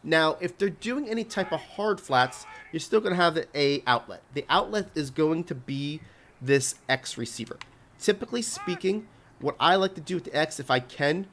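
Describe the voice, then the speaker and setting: Man breaking down game plays, slightly high voice. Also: lively intonation, moderate pace, fairly bright tone, slight background noise. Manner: instructive, repeats "right?" to check in with the viewer. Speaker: video game tips channel host. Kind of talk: explaining plays over gameplay footage.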